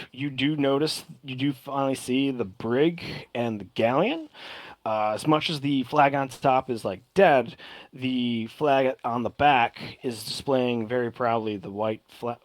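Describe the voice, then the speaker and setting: A man's voice: mid-range voice, no room sound. A man narrating a tabletop game as game master, rambling with many fillers.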